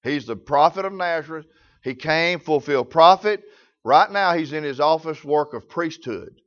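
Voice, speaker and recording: A man's voice: on the high side, normal speed, fairly bright tone, dull audio. A man preaching a sermon, telling folksy stories in rural grammar.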